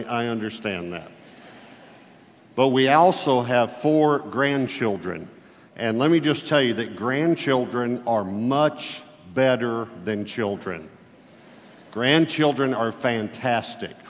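Middle-aged male guest preacher, folksy and emphatic; muffled recording in a reverberant hall. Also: mid-range voice. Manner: folksy, emphatic, leans hard on key words. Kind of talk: sermon. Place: church. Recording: muffled, echoey church hall.

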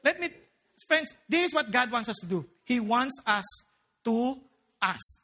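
Woman preacher: high, bright voice, lively and playful from the pulpit. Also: a little slow. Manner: animated and joking, mixing in local phrases. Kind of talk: sermon.

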